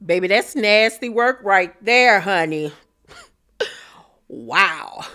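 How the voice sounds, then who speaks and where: A woman's voice: medium pitch, animated, takes it slowly, sharp tone. A woman voicing a blunt, sarcastic woman who mocks and laughs at others. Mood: mocking.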